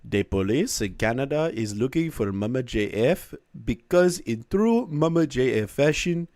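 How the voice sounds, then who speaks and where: A man's voice: mid-range voice, expressive, normal speed, darkish tone, dry recording, studio quality, lightly acted. A man reading in a mock Jamaican accent. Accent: put-on Jamaican.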